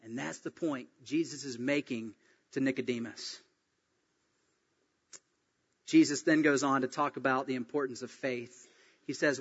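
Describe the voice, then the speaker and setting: A man preaching a sermon as a pastor, telling a story with lively acted-out voices. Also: fairly high pitch, slightly rough. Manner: animated storytelling, acts out quoted voices. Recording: dull sound, long reverb in a hall.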